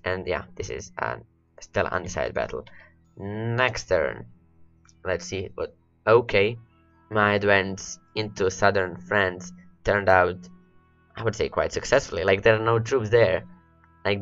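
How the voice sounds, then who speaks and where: A man's voice: deep voice, measured pace, a bit bright, muffled recording, faint music behind. A man rambling through gameplay commentary, his voice worn and cracking from hours of talking, repeating words as he talks to his units. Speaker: let's play host.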